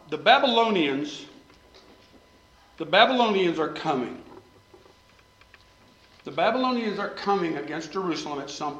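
A man preaching a sermon with passion, swinging between loud pleading and quiet asides. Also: high-pitched, echoey room, low-quality recording.

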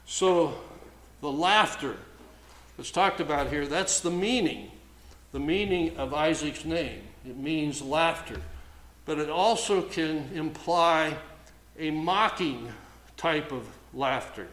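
A man preaching a sermon as pastor, slow and emphatic, repeating words for weight. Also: fairly high pitch, a bit bright. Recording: echoey room with faint ambience.

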